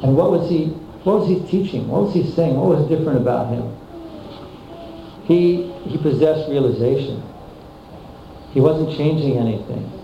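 A man's voice: fairly high pitch, animated, normal speed, gravelly, a little hiss or hum. A man giving an informal sermon to a gathered audience, often repeating words as he thinks aloud. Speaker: speaker at a devotional gathering. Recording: very echoey, dull lo-fi room recording.

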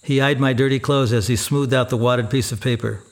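A man narrating a first-person memoir in a steady, even storytelling manner. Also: medium pitch, fairly quick.

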